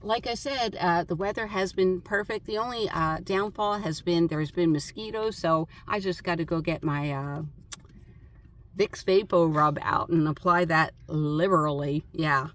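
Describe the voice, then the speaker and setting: A woman's voice: fairly low pitch, unhurried, fairly bright tone. A woman vlogger chatting casually about her travels, rambling with lots of fillers. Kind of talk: casual chat.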